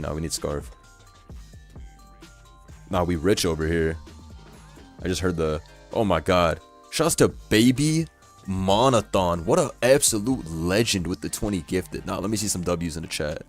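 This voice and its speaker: A man's voice: low voice, gravelly. A young man streaming casually, talking in loose slang and laughing often. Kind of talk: casual live-stream chat.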